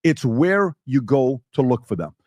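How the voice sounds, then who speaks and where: A man's voice: medium pitch, very animated, measured pace, a little mellow, dry recording, clean studio sound. A male podcast host in a heated debate, talking emphatically and firing rhetorical questions.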